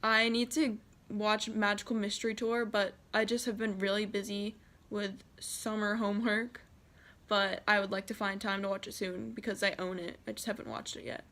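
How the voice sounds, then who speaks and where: A woman's voice: mid-range voice, level tone, normal speed, a bit bright. A teenage girl with an American accent reads questions aloud and answers each one in a casual vlog. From United States. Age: teens. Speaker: vlogger. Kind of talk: casual Q&A tag video.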